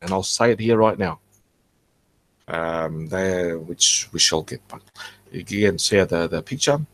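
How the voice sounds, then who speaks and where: A man with a fairly low voice walks through fossil details in casual commentary. He talks in a rambling, halting way and keeps correcting himself mid-phrase. The recording is dry, with no room sound. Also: dry recording. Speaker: archaeology channel host.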